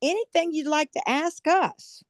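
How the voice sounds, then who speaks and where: An older woman from South Carolina co-hosting a podcast, speaking slowly and encouragingly and laughing often as she asks a young guest questions. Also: high voice, dry recording, studio quality. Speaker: podcast co-host. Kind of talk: warm casual interview chat.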